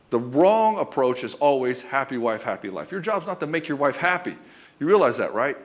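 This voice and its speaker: A man coaching other men in a direct, blunt and profane way, speaking fast and with emphasis. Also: fairly high pitch. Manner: acts out short quoted lines in other voices. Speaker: relationship coach. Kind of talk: direct-to-camera coaching talk.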